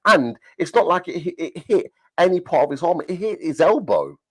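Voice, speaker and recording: A man's voice: a little high, expressive, normal speed, fairly bright tone, breathy edge, dry recording. A man talking through a contested penalty decision on a football fan livestream, agreeing with his co-host and explaining the rules. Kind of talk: post-match fan chat on a livestream.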